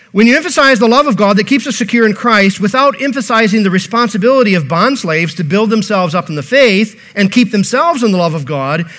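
Guy pastor with a pretty high voice preaching a sermon, earnest, keeps repeating stuff and asking the church questions. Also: a bit bright. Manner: earnest, repeats phrases and poses rhetorical questions to the congregation.

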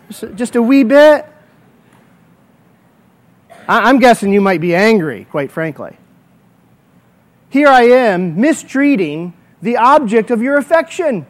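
High-voiced male pastor preaching. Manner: storytelling with vivid hypotheticals; earnest prayer. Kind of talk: sermon. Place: church.

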